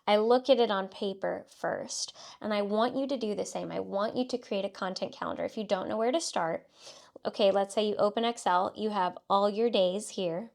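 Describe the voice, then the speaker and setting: A woman's voice: medium pitch, normal speed, creaky, darkish tone. A woman from South Texas with a light Southern twang, hosting a solo podcast and coaching listeners with upbeat, direct instructions. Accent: light Southern US country twang. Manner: upbeat, coaching, direct second-person instructions with frequent "okay" and "let's say". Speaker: podcast host and marketing consultant.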